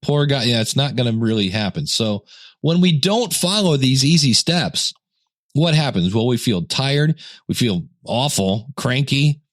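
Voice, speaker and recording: Middle-aged male podcast host, jokey and animated, mid pitch, close dry sound. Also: a little slow, no echo. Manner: joking, animated, acts out little scenes. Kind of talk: casual talk.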